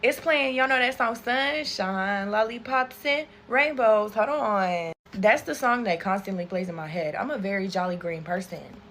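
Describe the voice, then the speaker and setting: A young woman telling a casual storytime while doing her makeup, animated and profane, talking straight to her viewers. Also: mid-range voice, moderate pace, hardly any pauses, a little hiss or hum. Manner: animated, profane, chatty, addresses viewers as y'all. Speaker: storytime creator.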